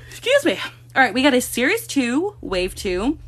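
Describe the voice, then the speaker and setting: A woman's voice: high voice, wildly swooping pitch, unhurried, husky. A woman hosting a casual live stream from a room at home, chatting to viewers and cooing baby talk to her cats.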